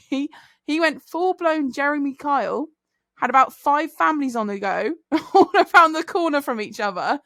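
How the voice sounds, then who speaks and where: A woman's voice: high voice, fairly bright tone, no echo, clean studio sound. A woman from Britain co-hosting a podcast, telling stories in a chatty, giggly way. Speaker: podcast co-host. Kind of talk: casual chat.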